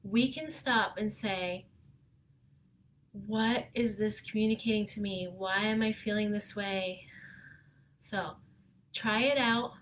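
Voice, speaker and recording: Woman parent coach talking slow and gentle on a live video, middle-pitched, pauses a lot. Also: fairly even intonation, a little hiss or hum. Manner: gentle, earnest, unhurried with pauses. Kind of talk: live video advice talk.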